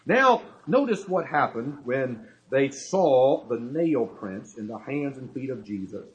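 Male preacher, husky tone, lively, emphatic, repeats points, rhetorical questions. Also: medium pitch, slow, dull audio. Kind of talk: sermon.

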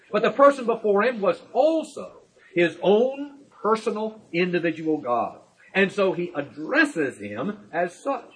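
A man teaching a sermon on scripture in a deliberate, emphatic way, slowing down to stress key words and explaining step by step. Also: high-pitched, a bit bright, breathy edge, poor audio. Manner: explains step by step with everyday illustrations. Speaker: Bible teacher.

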